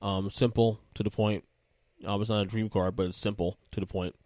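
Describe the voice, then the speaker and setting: A man's voice: fairly low pitch, fairly quick, no echo. Guy in his 30s rambling thru a story on his podcast, dry close mic, keeps restarting. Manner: rambling, animated, with frequent restarts. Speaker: podcast host. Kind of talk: casual solo podcast storytelling.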